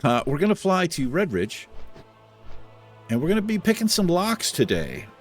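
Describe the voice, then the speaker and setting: A man's voice: fairly high pitch, wildly swooping pitch, moderate pace, faint music behind. A man hosting a video game let's play, giving laid-back commentary with casual swearing and chuckles. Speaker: host.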